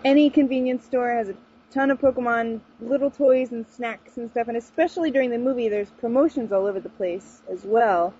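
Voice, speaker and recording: A woman with a fairly high voice banters with playful mockery on a podcast. The line is dull and lo-fi, with a faint hiss underneath. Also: brisk, warm tone. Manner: laughing, playfully mocking. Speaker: podcast guest. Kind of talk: casual chat. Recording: lo-fi voice chat with faint noise.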